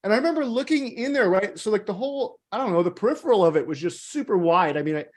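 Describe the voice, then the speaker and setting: A man's voice: high voice, animated, fast. A man talking as a guest in a casual chat, rambling through stories in laid-back slang with many fillers. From Los Angeles area.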